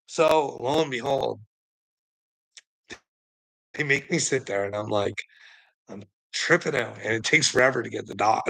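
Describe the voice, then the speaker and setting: A man's voice: mid-range voice, gravelly, bright, forceful tone, poor audio. A man telling a rambling personal story, swearing a lot and laughing often between lines. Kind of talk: casual storytelling monologue.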